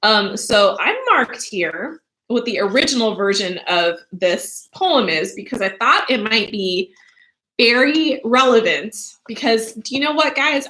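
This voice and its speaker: A woman teacher, animated and chatty, reading a book aloud for children and asking them questions. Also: fairly high pitch.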